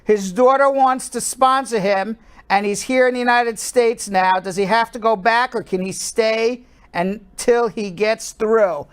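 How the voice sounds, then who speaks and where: A woman's voice: a little high, a little slow, clean tone. A woman co-hosting a live online show, greeting viewers by name and explaining immigration rules in an upbeat way. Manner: upbeat, calls out viewers' names, explains legal rules at length. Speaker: co-host. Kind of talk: live-stream show, reading viewer names and answering questions.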